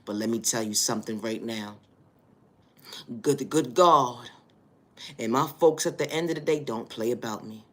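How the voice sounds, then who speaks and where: Male spiritual reader with a bright, forward voice; preachy motivational monologue that swells into emphatic outbursts. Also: mid-range voice, moderate pace, pauses often. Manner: preachy, repeats stock phrases, builds to loud emphatic bursts.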